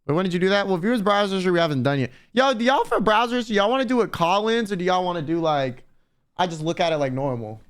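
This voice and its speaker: A man's voice: high voice, very fast, clear, resonant tone. A young man streaming and chatting casually with viewers in a blunt, slangy way, swearing often.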